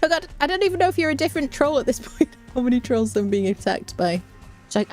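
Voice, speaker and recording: A woman's voice: high-pitched, sing-song, fast, a little mellow, soft background music. Jumpy, jokey woman gaming. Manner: jittery, jokey, often shrieking in fright. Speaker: streamer. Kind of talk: live gameplay commentary.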